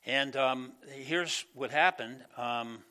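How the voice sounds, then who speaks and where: A man's voice: mid-range voice, takes it slowly, sharp tone. A male pastor giving a conversational sermon, with many fillers and acted-out quoted voices. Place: church.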